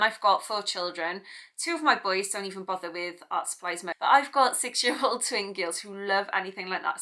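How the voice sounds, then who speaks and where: A woman's voice: mid-range voice, bright, forceful tone. A British woman hosting an art tutorial, chatting casually to the camera with rambling, self-deprecating asides.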